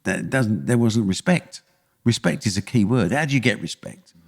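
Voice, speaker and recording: Blunt older East London man, lively. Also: fairly low pitch, moderate pace, long reverb tail. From England. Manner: blunt, punchy storytelling. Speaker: guest, sports promoter. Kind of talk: podcast interview.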